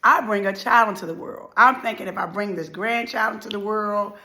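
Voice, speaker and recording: A woman giving an emotional motivational talk, telling a dramatic life story that swings from loud, emphatic lines to hushed ones. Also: medium pitch, a little fast. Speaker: motivational speaker.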